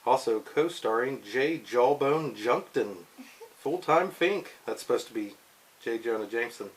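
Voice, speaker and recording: Man, casual read-aloud, playful, middle pitch, chatty. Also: lively intonation, a little slow, rough recording. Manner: playful, slips into goofy character voices. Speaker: father reading a comic book aloud to his daughters.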